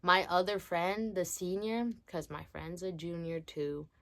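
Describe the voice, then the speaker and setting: On her vlog, a teenage girl with a steady voice on the low side spins a casual story, full of slang and long, stretched-out delivery.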